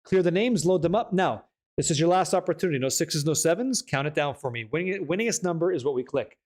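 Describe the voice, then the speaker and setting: A man's voice: a little high, expressive, fast talker, darkish tone. A young man hosting a live stream, reading chat aloud and joking in a casual, hyped way with some swearing. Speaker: streamer host.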